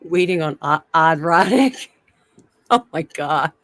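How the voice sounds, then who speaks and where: In a rented Airbnb room, a woman with a slight lisp co-hosts a casual live stream on her phone, giggling and chatting with viewers as she reads the chat. Her voice is low-pitched and fairly bright, with lively intonation and a slow pace. There's no echo.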